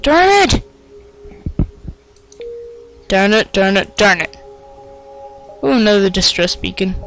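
A man giving let's play commentary, excitable and self-mocking, with sing-song taunts. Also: sits high, moderate pace, faint music behind, rough recording. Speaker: gamer.

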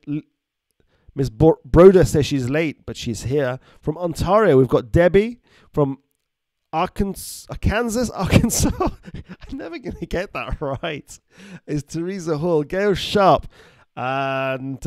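A man chats casually on a live stream, reading out viewer names and teasing the audience. His voice sits a little high for a man and sounds dry and close, with no room around it. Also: darkish tone, no room sound. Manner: reads out viewer names and greetings, jokey. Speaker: doctor hosting a live stream.

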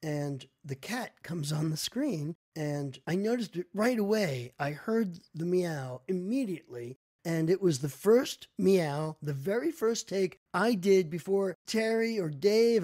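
Middle-aged male storyteller, audio-blog read, animated, does his own voices and sound effects. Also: high-pitched.

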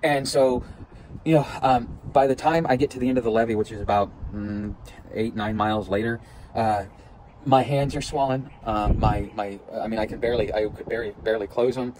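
A man telling a rambling, animated story about his hike in a casual outdoor vlog with lots of restarts. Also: fairly low pitch, fairly quick, low-quality recording. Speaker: vlogger. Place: outdoors at a campsite. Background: wind and outdoor ambience.

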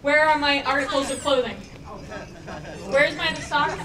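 A woman hosting a convention panel, talking to the crowd in a playful, animated way, often laughing. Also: high voice, normal speed, pauses often. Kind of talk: live panel commentary to an audience. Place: convention panel room with audience. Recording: distant camera, crowd noise.

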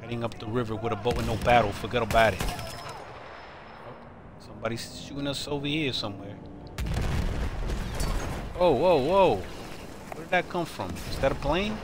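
A man streaming a war shooter, wisecracking and reacting excitedly while he plays. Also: medium pitch, fast talker, background noise. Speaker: game streamer. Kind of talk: live gameplay commentary. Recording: game audio loud behind voice. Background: loud gunfire and game sounds.

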